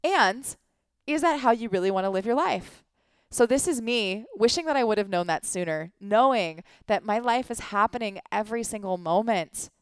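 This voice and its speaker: A woman's voice: mid-range voice, clear, resonant tone, dry recording. A woman in her thirties, a life coach, giving an earnest motivational talk full of rhetorical questions and casual swearing. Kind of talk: motivational monologue.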